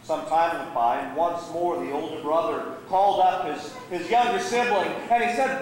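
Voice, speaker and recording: A man's voice: a little high, normal speed, few pauses, far from the mic, a little hiss or hum. A man, a guest preacher, telling a sermon story with dramatic, varied delivery in a church sanctuary. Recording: echoey church hall.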